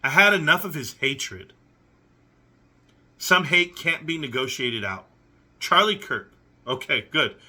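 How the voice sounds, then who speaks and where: A man's voice: a little high, expressive, takes it slowly, pauses often, bright, forceful tone. A young adult man hosting a reaction commentary, reading messages aloud and picking at them with sarcastic, incredulous questions. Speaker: commentary channel host.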